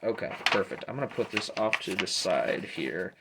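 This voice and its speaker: A man's voice: low-pitched, normal speed, very noisy. Easygoing male game master. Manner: relaxed, rambling with many fillers. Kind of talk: narrating a tabletop game.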